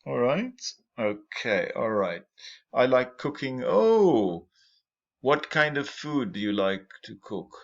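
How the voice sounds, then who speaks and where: This English teacher speaks slowly in a sing-song, mid-range voice, patiently going over example sentences and questions again for his students. It's a lesson explaining exam tips, and the lecture recording sounds dull and lo-fi.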